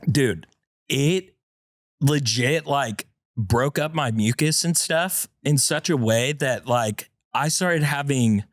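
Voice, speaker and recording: A man co-hosting a podcast with a congested chest, telling a story in casual chat and acting out quotes in a shrill voice. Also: slow, no echo, studio quality. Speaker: podcast co-host.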